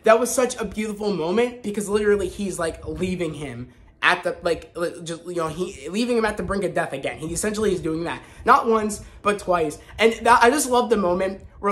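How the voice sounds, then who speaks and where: A man hosting a casual spoken review vlog, talking in an excited, rambling way with frequent restarts. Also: sits high. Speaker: host.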